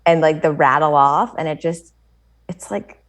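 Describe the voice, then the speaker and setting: American woman, podcast guest, animated storyteller, slightly low voice. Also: normal speed. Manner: animated storytelling, many "like" fillers, frequent laughter. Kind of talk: casual chat.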